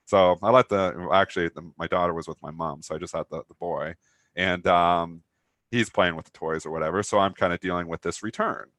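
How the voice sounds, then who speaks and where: Male co-host, low voice, chatty rambling anecdote, dry close mic. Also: steady tone, brisk, fairly bright tone, no room sound. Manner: rambling storyteller, many fillers, laughs at own story. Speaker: co-host of a trading talk show. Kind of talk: casual anecdote chat.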